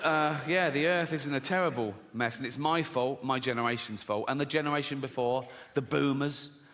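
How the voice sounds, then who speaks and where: On stage, this middle-aged English comic tells stories with a sardonic edge, cursing freely and imitating other people's voices. He speaks briskly in a mid-range, slightly bright voice, while a live audience laughs over faint background noise.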